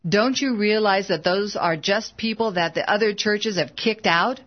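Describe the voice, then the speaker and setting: A woman's voice: medium pitch, moderate pace, muffled recording, natural voice. A woman reading the part of a stern, disapproving older mother who speaks curtly and with scorn in a storybook. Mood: scornful. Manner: curt, scornful.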